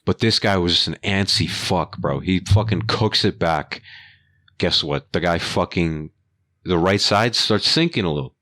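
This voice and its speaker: A young man co-hosting a podcast, telling an animated, profane story in casual chat and acting out the people in it. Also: low voice, a little slow, no room sound, studio quality. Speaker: podcast co-host.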